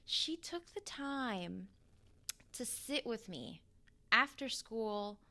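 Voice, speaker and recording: A woman educator talks as a guest on a casual podcast. Her voice is fairly high and bright. She speaks earnestly and reflectively. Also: big pitch swings, extremely slow.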